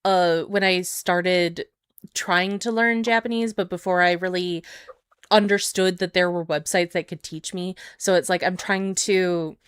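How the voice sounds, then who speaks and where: Woman host from Canada, smooth mid voice, rambly, dry call audio. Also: lowish voice, fairly even intonation, measured pace, dry recording. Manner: rambling, many fillers. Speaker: podcast host. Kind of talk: casual chat over a call.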